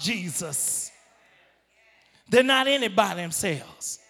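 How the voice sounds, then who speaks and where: A man preaching a sermon, drawing words out for emphasis and building up to shouts. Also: very high voice, animated, slow, pauses often, long reverb tail.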